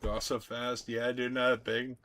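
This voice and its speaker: A young man streaming, talking to his chat in an excitable, profane rant. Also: medium pitch, unhurried. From United States. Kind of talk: casual livestream chat.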